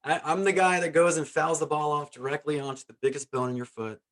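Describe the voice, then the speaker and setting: A man around forty, a former pro ballplayer, telling a story as an interview guest in an animated way, chuckling and often saying "man". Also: fairly high pitch, fast talker. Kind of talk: casual storytelling.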